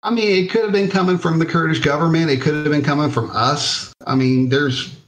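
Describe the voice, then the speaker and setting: A man's voice: a little high, steady tone, fairly quick, slight background noise, low-quality recording. A man from the United States, an army veteran, telling war stories in a casual, profane, laid-back way on a podcast. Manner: profane, laid-back storytelling with frequent fillers. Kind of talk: casual storytelling interview.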